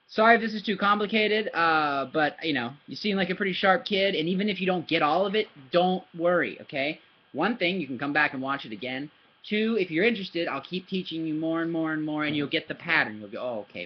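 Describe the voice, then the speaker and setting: Encouraging husky-voiced male language tutor. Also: a little high. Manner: patient, encouraging, explains slowly with many "right?" checks. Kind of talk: casual video lesson for a child. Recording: dull lo-fi recording.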